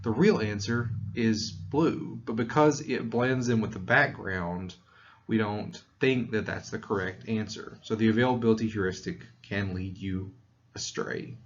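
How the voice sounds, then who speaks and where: A man's voice: lowish voice, measured pace. Southern-tinged man lecturing, dull audio. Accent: mild Southern US. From Tennessee, US. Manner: conversational, explanatory, with fillers and restarts. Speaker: psychology lecturer. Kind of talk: recorded lecture.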